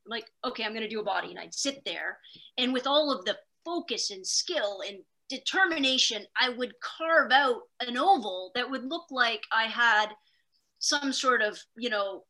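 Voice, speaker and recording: Talk as a middle-aged woman on a podcast: keep it bright and a little high, spilling stories with self-mocking energy. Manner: animated storyteller, talks fast in bursts, self-deprecating. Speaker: podcast guest. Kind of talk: casual conversation.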